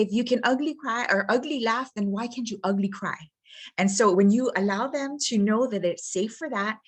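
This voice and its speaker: A woman presenting a workshop on helping grieving people, speaking earnestly and often checking in with the listener. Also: medium pitch. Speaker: suicide prevention trainer.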